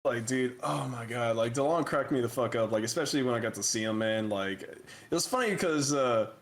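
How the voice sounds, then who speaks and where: A young man co-hosting a podcast, swapping profane, animated stories in casual chat. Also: medium pitch, a little fast. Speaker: podcast co-host.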